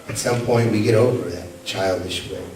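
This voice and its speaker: Male pastor, dynamic sermon delivery, loud calls and hushed asides, distant mic in a very echoey church with faint room noise. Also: moderate pace. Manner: swings between loud, high calls and soft, low asides; storytelling with rhetorical questions to the congregation. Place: church sanctuary.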